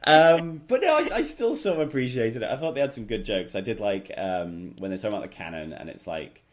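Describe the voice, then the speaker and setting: A man's voice: fairly low pitch, expressive, fast, darkish tone. A man in his thirties with an English accent, hosting a casual podcast chat and laughing easily as he talks. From England. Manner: chatty, laughs often, trailing restarts. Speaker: podcast host.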